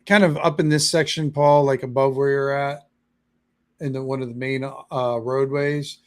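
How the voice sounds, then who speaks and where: Guy gm narrating a tabletop game, kinda halting, lots of uhs. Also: medium pitch, flat delivery, clean tone. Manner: halting, lots of fillers and restarts. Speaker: game master.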